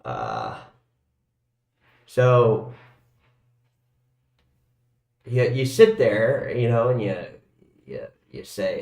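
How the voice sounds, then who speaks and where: A man hosts a casual live stream in an echoey room. He rambles and curses, jumping from loud bursts to low mumbles. His pitch sits in an ordinary middle range. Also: big pitch swings, slow pace, vocal fry, pauses often. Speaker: crypto livestream host. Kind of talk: casual livestream rant.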